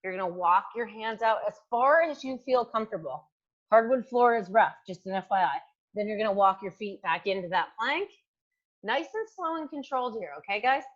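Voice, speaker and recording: A woman's voice: medium pitch, lively intonation, a little fast, dull audio. A woman fitness coach demonstrating exercises at home, giving encouraging instructions with frequent fillers. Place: home room with hardwood floor. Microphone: new microphone.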